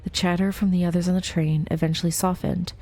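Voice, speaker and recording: A woman's voice: lowish voice, level tone, fast, a little mellow. Chatty woman reading a game aloud. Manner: chatty, giggly asides while reading story text. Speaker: let's play host. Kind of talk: casual game playthrough, reading text aloud.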